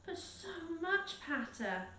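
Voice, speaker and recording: A woman voicing an eager, excited young girl in a storybook reading. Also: sits high, slow pace, slight background noise, voice pushed up, heavily acted. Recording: roomy, a little distant from the mic.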